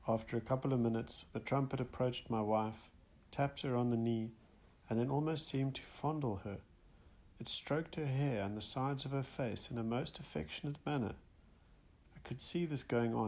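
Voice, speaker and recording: A man reads a first-person account aloud in a steady, measured way. His voice has a gravelly, creaky texture at a middle pitch. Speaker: audiobook narrator. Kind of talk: first-person nonfiction audiobook reading.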